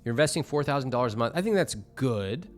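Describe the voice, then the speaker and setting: Male finance host, mid pitch, blunt and lively, faint music underneath. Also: fast. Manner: blunt, animated, mock-exasperated asides. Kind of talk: reviewing viewer budgets on camera.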